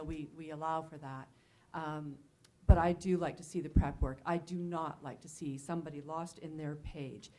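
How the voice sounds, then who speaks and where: A woman casting director giving firm, measured advice to actors in a panel talk. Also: low-pitched, darkish tone.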